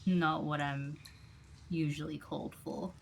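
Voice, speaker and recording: A woman's voice: low-pitched, steady tone, a little slow, vocal fry, a little hiss or hum. A woman voicing a guarded, world-weary cloaked male stranger with clawed hands in a tabletop game.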